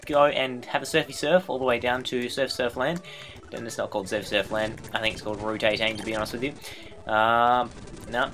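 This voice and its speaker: A man's voice: mid-range voice, fairly bright tone. Goofy man commentating a video game. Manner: goofy, joking, rambling. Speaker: let's play host. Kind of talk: casual gameplay commentary.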